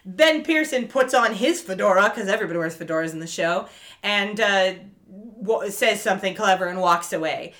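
A woman co-hosting a podcast, casually recapping an episode with lively storytelling, lots of fillers and the odd swear. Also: medium pitch, moderate pace. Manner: animated storytelling, fillers and profanity. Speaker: podcast co-host.

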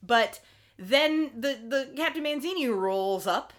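A woman co-hosting a podcast in a casual chat, recapping a TV episode with wry, animated commentary. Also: sits high, takes it slowly. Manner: animated, wry, acts out quotes. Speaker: podcast co-host.

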